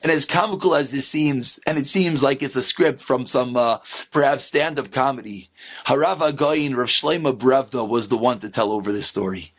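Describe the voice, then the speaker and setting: A rabbi telling an inspirational story with animation, acting out the characters. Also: male voice, mid-range voice, moderate pace.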